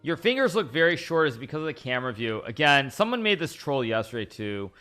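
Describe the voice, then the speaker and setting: A man's voice: medium pitch, big pitch swings, fast, sharp tone, faint music behind. A man live-streaming a chess game, thinking aloud about his moves and chatting with viewers in a rambling way. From United States.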